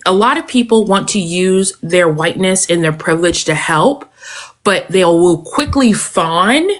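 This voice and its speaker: Tired, passionate woman guest; emphatic, pitch leaps up when urging. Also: animated, unhurried. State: tired and emotional. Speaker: guest, maternal health advocate. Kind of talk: impassioned talk-show conversation.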